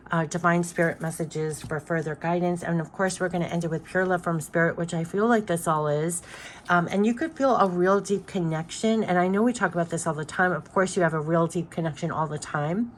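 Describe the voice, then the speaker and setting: A middle-aged woman talks through a spiritual card reading in a loose, chatty way, full of ums and likes. Her voice sits a little low for a woman. She rambles and circles back as she goes. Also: a little hiss or hum. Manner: chatty, rambling, many fillers and "like".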